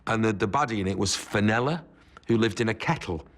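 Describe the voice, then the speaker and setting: A man's voice: fairly low pitch, brisk, a bit bright. A man in an interview, reminiscing in a nostalgic, rambling way.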